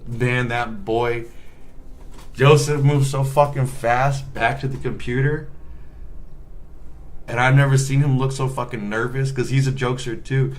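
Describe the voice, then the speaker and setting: A male nurse telling a work story in a casual, animated way, joking and swearing often. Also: medium pitch, unhurried, long pauses.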